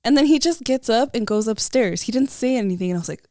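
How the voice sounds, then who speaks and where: A woman's voice: fairly high pitch, expressive, quick pace, warm tone, no echo, studio quality. Chatty young woman telling a story. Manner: chatty, lots of likes, laughs as she tells a story. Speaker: podcast co-host. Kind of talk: casual chat, storytelling.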